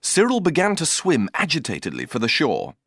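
Expressive man reading a story. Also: fairly high pitch, fairly quick, no room sound, studio quality. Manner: expressive, playful, comic timing. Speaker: narrator.

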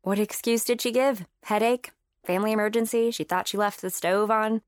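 A woman voicing a playful young woman who teases her best friend on the phone, lively and higher than her narration. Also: fairly quick, no echo, studio quality, natural voice. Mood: teasing. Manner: teasing, bright and lively.

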